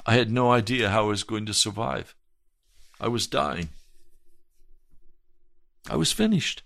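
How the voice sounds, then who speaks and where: A male pastor giving an earnest, emphatic broadcast sermon testimony, with slow, deliberate phrasing. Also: low voice, creaky, fairly bright tone, dry recording, clean studio sound.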